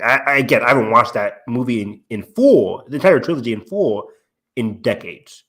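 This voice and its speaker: A man's voice: on the low side, expressive, normal speed, a bit bright. A man hosting a casual fan podcast, rambling with lots of fillers, laughing often and swearing casually. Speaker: podcast host.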